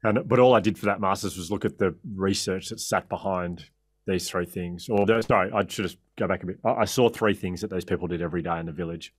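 A man with an Australian accent, a podcast guest telling anecdotes in a lively, laughing way and often correcting himself mid-sentence. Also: low voice, fast talker, slightly rough, no echo. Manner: lively, laughing storyteller with frequent self-corrections. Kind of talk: anecdotal interview storytelling.

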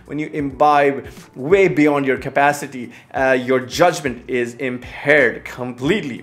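Animated young male whisky vlogger. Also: on the high side. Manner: animated storyteller, acts out his own past remarks; frequent filler "uh" and restarts. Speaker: whisky reviewer. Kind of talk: casual storytelling review to camera. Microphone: fixed camera setup.

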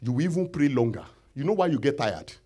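Male pastor, sermon, husky voice, lively rising and falling pitch, shouts then hushes. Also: quick pace. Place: church hall.

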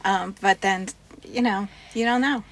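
A woman's voice: mid-range voice, steady tone, unhurried, fairly bright tone. Chatty woman listing details casually. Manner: chatty, lists details in a matter-of-fact way. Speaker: co-host reviewing breweries. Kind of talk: casual chat.

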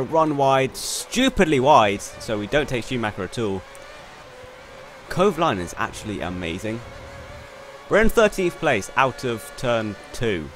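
A young man commentating on his own racing game run, excitable and quick to swear in frustration. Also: on the low side. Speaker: gaming YouTuber. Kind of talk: gameplay commentary. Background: faint game car engine noise.

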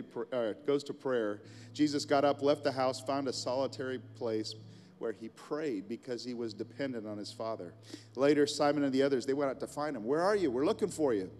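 A man's voice: medium pitch, darkish tone, in a large hall, a little hiss or hum. A middle-aged man preaching a sermon as a pastor, telling the story in a casual, conversational way with asides.

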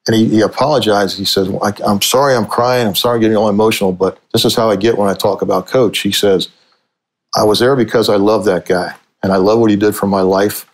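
A low-pitched older man from Cincinnati recounts stories as a guest on a sports podcast. He talks in a rambling way, circling back and restarting his sentences as he goes. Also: fairly even intonation, fast, low-quality recording. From Cincinnati, USA. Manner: rambling storyteller with frequent restarts. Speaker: sportswriter and author. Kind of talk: conversational storytelling interview.

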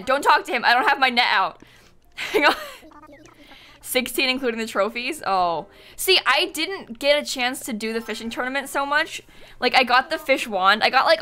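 A woman's voice: a little high, sharp tone. A young woman streaming a video game, chatting casually, giggling often and squealing dramatically at what happens on screen.

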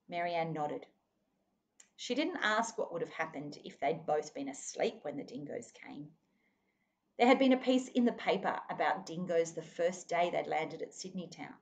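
A woman's voice: deep voice, animated, moderate pace, vocal fry, slight background noise. A woman reading a children's novel aloud expressively, now and then speaking to her listeners. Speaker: reader.

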